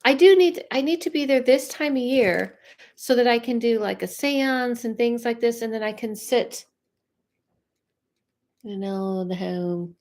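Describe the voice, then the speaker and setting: A woman who works as a psychic medium, chatting casually and giving quick readings to viewers on a livestream, in a rambling, talkative way. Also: a little high, a little mellow.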